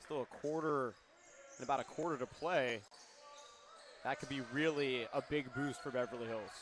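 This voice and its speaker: A man's voice: mid-range voice, moderate pace. Easygoing male basketball color commentator. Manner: relaxed analytical remarks with light humor.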